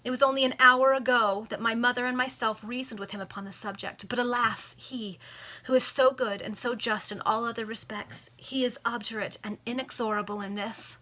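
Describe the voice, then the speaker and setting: A woman's voice: on the high side, fairly even intonation, a little fast, bright, forceful tone. A woman voicing a tender, tearful young Italian lady while reading a Victorian novel aloud with heightened delivery.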